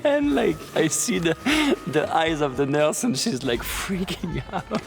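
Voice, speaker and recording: A man in his thirties with a French accent, telling a personal story in a lively way, laughing often and acting out what others said. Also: fairly high pitch, slow, gravelly. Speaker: BMX rider telling a story.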